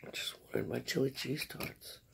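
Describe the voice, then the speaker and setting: A tired woman with a raspy voice, chatting casually and rambling between bites in an eating vlog. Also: very deep voice, steady tone, moderate pace, whispered. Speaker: mukbang vlogger.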